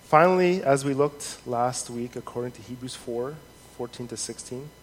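A man preaching a sermon in an earnest, measured way, reading scripture aloud with rising emphasis. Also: mid-range voice. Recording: long hall reverb, faint noise.

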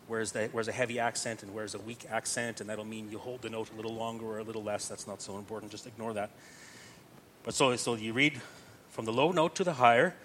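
A man's voice: medium pitch, fairly bright tone, slight background noise. A man teaching Gregorian chant to a group, explaining patiently step by step and often checking in with "right?".

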